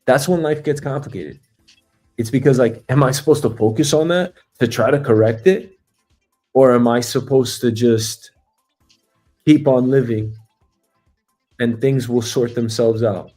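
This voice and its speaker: A man hosting his own show talks through a casual, reflective monologue, rambling with lots of fillers and some swearing. His mid-range voice is a little mellow and unhurried, with long pauses and faint music behind.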